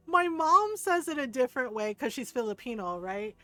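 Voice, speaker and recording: This woman streamer has a fairly high, smooth voice and speaks at a normal speed, casually chatting during gameplay with animated storytelling, frequent laughter, plenty of swearing and impressions of relatives. The recording is dry and rough, with soft music in the background.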